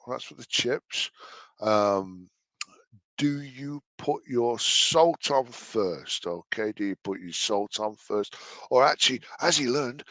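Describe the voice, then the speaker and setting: A man's voice: mid-range voice, bright, forceful tone, no echo. A man giving mocking, exasperated reaction commentary on a video, swearing freely.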